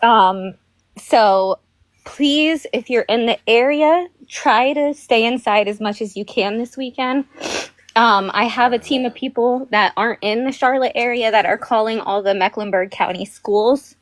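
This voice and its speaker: A woman calling in to a talk show, upset and near tears, speaking urgently in halting phrases. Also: fairly high pitch, no echo. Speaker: caller. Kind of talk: phone-in call. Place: North Carolina.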